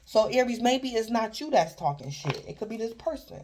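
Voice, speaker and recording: Over a noisy background, a tarot reader with a fairly high voice and wide swings in pitch talks at a moderate pace. Her reading is casual and meandering, full of repetition, and she keeps calling the listener by their star sign.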